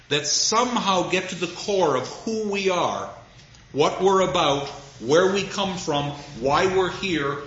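A man giving a reflective lecture on poetry, speaking in a measured, thoughtful way and slowing down to stress key phrases. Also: fairly high pitch, fairly bright tone, reverberant, lo-fi sound, slight background noise. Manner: measured, thoughtful, with deliberate pauses and slowed emphasis.

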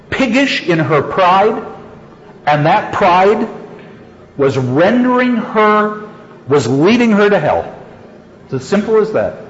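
A man teaching literature, reading a story aloud and stopping to explain it with deliberate emphasis. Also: on the high side. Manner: reads passages then explains them, deliberate and emphatic. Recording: echoey hall, dull lo-fi sound.

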